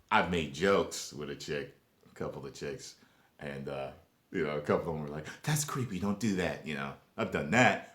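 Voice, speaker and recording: A young adult man vlogging in a casual, profane rant, swinging between loud emphasis and low mumbled asides. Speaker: YouTube vlogger. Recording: echoey room.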